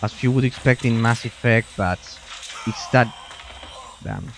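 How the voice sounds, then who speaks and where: A man gives unhurried, casual commentary on a video game in a medium-pitched voice, with a little hiss or hum on the recording. He rambles with restarts and mutters to himself as he plays.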